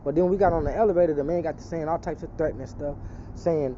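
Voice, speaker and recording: Speaking fast in a fairly high, warm voice, a man shares his testimony in loose, profane street language that drifts into forceful preaching. The audio is lo-fi with slight hiss or hum.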